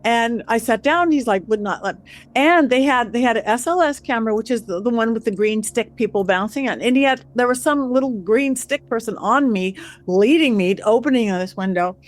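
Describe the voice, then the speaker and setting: Woman guest, bright storyteller who acts out the voices; pitch a touch high. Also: a little fast. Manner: acts out quotes with lively voices. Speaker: guest psychic medium. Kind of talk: animated storytelling.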